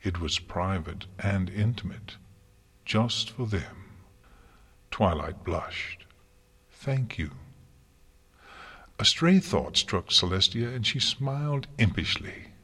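A man reading a fanfiction story aloud in a measured, even way. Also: on the low side, breathy edge. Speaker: narrator.

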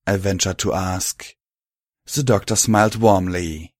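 A man reading fan fiction aloud as an audiobook narrator in a steady storytelling manner. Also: sits low, unhurried, dry recording, studio quality.

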